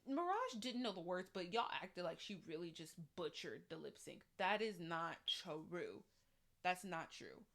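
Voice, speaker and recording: A young woman giving an animated, slangy recap of a reality show, acting out the quotes as she goes. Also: lowish voice, a little slow. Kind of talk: casual recap vlog.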